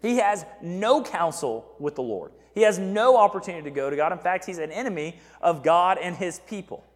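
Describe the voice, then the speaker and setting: High-voiced pastor preaching in an echoey hall. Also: male voice, moderate pace. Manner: animated, conversational, asks "right?" often. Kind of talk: sermon.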